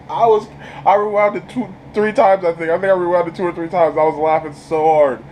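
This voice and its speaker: A man's voice: high voice, fairly even intonation, a little fast, darkish tone, slight background noise, low-quality recording. A man giving a casual, enthusiastic spoken review of a TV episode, rambling and laughing often. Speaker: YouTube show reviewer.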